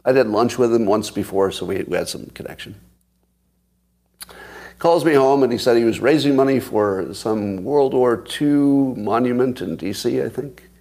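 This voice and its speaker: A man's voice: mid-range voice, moderate pace, warm tone. A man in his sixties hosting a casual livestream, chatting and laughing as he tells stories to viewers. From United States. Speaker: podcast host.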